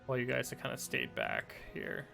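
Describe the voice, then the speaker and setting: Gravelly man narrating as game master. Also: mid-range voice, fairly quick, soft background music. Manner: relaxed, hesitant narration with many fillers.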